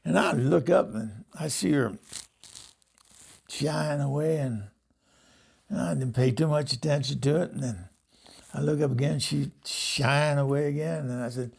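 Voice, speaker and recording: Older male host, gravelly and raspy, casual rambling storyteller who laughs a lot. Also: fairly high pitch, measured pace, pauses often, darkish tone. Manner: rambling, laughs often, acts out quoted voices.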